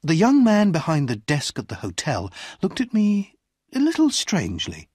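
A man reading a graded short story aloud as an audiobook narrator, in a slow, deliberate way. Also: huge pitch swings, a little mellow, slightly rough, no echo, clean studio sound. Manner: slow, deliberate reading with wide swings in pitch.

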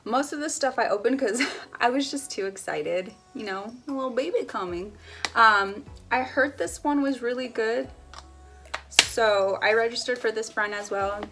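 A woman's voice: on the high side, normal speed, over music. A young woman chatting casually as she unboxes baby samples for a family vlog, giggling now and then. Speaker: family vlogger.

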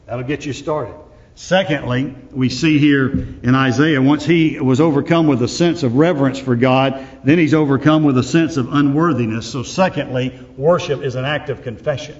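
A male pastor preaching a sermon, swinging from loud proclamation to hushed, intimate asides. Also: medium pitch, normal speed, long reverb tail, highs cut off.

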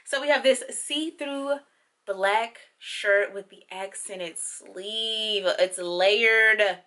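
A young woman chatting casually through a clothing try-on haul, playful and slangy, with sudden high squeals of excitement. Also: drawn-out words. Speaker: fashion vlogger.

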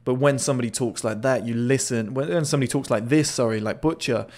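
A man's voice: medium pitch, fast, darkish tone. A man casually commenting on a video clip, chatty and swearing now and then, often repeating words as he restarts. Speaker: body language analyst.

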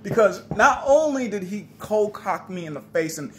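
A man's voice: high-pitched, animated, moderate pace, a little hiss or hum. A young man casually telling a story on a vlog, swearing freely and acting out his own trash talk. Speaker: vlogger.

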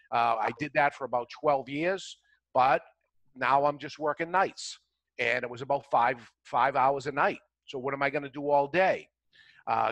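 A man's voice: medium pitch, fairly bright tone, no echo, rough recording. A man, casually telling a long anecdote as a talk show guest and acting out both sides of old conversations. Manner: anecdotal, acts out dialogue in quotes. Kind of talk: casual storytelling.

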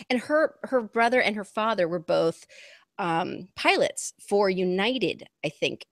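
A woman's voice: medium pitch, unhurried, no room sound, clean studio sound. A woman co-hosting a casual talk stream, telling stories and acting out other people's voices as she goes. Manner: animated, acts out voices of others mid-story. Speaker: talk show co-host. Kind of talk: casual conversation.

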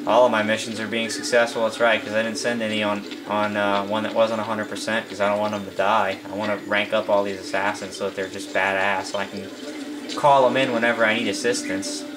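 A man's voice: on the low side, flat delivery, brisk, noisy background. A young man giving casual live commentary over his gameplay. He chats loosely, says "dude" a lot, and often breaks into laughing disbelief.

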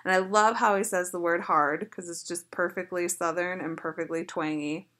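A woman's voice: on the low side, steady tone, moderate pace, fairly bright tone. A woman vlogger in casual chat, gushing and chatty with lots of filler words.

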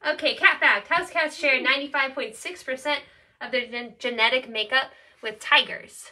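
Bright, giggly woman streaming from a cat shelter. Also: sits high, normal speed. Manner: giggly, chatty, thanks viewers by name. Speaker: shelter livestream host. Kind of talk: casual livestream chat. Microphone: phone held in hand.

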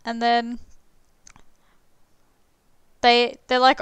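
Chatty young woman with a very smooth voice. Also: a little high, measured pace, pauses often, fairly bright tone, dry recording. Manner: chatty, heavy on "like" fillers, swears freely. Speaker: streamer. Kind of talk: casual storytelling while playing a game.

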